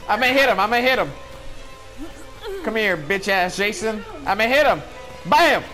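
A man hosting a casual gameplay session, swearing, laughing and shouting in panic. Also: high-pitched, expressive, normal speed, faint music behind, low-quality recording. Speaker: gaming channel host.

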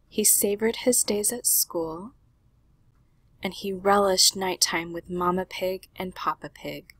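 Slow, husky woman reading a picture book. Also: medium pitch, fairly bright tone, dry recording. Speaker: narrator. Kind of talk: children's picture book read-aloud.

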